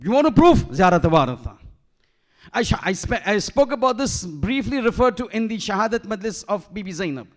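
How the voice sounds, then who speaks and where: A shaykh preaches in a mosque with a strikingly high-pitched male voice. He presses his points with rhetorical questions and drops in Arabic terms and verses as he goes. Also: very animated, fairly quick. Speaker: shaykh giving a majlis lecture. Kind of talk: sermon.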